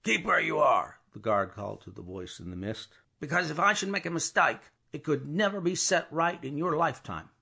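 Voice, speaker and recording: A man voicing a gruff, suspicious male coach guard who bellows his challenges. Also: a little high, animated, moderate pace, few pauses, pitched above the performer's own voice, heavily acted. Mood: threatening. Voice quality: gruff, loud, blustering.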